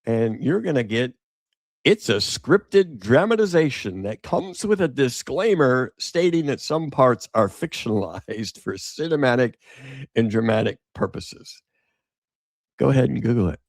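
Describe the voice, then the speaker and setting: A man with a gravelly, creaky voice hosts a podcast, picking through an article out loud and breaking off for sarcastic side comments. The sound is dry and close, with no room around it. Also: mid-range voice, expressive, unhurried, no room sound. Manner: sarcastic, rambling asides. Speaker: podcast host. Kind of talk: casual commentary reading an article aloud.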